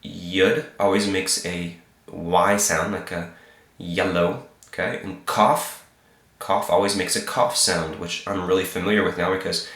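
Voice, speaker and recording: A man's voice: low voice, steady tone, measured pace, a bit bright, echoey room. A man teaching the Hebrew alphabet in a patient, repetitive way, sick with a cold that shows in his voice, checking in with "okay?" after each point. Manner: patient, repeats each sound, frequent "okay?" check-ins. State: sick, slightly hoarse. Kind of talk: informal alphabet lesson.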